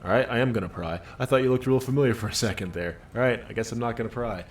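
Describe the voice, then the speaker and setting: A man streaming a game, reading its text aloud and commenting in a relaxed, wry way. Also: mid-range voice, fast, a little hiss or hum.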